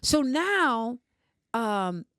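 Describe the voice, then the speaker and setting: A woman's voice: fairly high pitch, sing-song, extremely slow, fairly bright tone, dry recording, studio quality. Emphatic older woman storyteller. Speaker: podcast guest. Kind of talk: emotional casual conversation.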